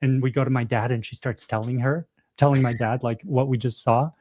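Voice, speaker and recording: A young man co-hosting a podcast livestream, telling stories in an animated, casual way full of fillers and laughs. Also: medium pitch, fairly quick. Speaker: podcast co-host.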